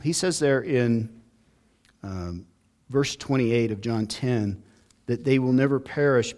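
A man's voice: mid-range voice, slow pace, a little mellow. A man preaching a sermon as pastor, earnest and building emphasis on key points.

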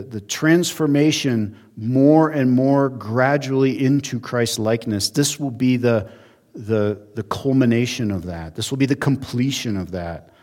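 A male pastor preaching a sermon in a church, earnest, with emphatic rises and quiet drops. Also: medium pitch. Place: church sanctuary.

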